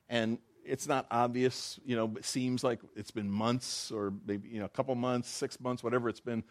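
A man's voice: lowish voice, no echo. A man giving informal, conversational Bible teaching, telling jokes along the way. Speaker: preacher.

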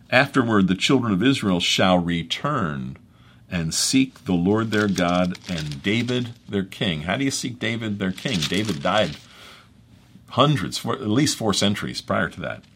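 A man's voice: sits low, expressive, normal speed, fairly bright tone, a little hiss or hum. A man preaching an expository sermon, reading scripture aloud with dramatic emphasis and breaking off into conversational asides. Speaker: pastor.

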